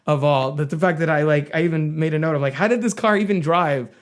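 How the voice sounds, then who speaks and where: A man's voice: fairly high pitch, quick pace. A man co-hosting a casual film podcast, talking thoughtfully with frequent restarts. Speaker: podcast co-host.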